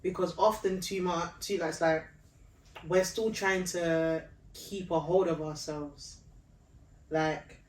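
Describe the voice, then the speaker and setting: A woman co-hosting a podcast in casual faith conversation, animated, telling stories with laughter and acted-out quotes. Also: on the low side, slow. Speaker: podcast co-host. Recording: echoey room, distant mic.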